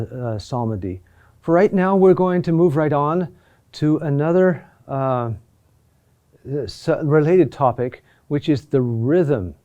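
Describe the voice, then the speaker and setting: A man teaching a recorded lesson on Latin chant, explaining patiently and often checking in with a quick "huh?". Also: medium pitch, warm tone.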